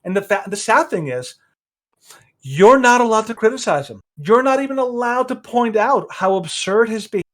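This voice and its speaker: A man's voice: sits high, expressive, normal speed, a bit bright. A man hosting a podcast, giving rambling, opinionated commentary with frequent restarts. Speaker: podcast host.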